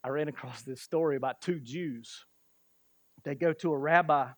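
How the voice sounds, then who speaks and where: A man preaching a sermon as pastor, speaking slowly and emphatically and chuckling as he tells stories. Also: fairly high pitch, no echo. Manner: slow, emphatic storytelling with chuckles.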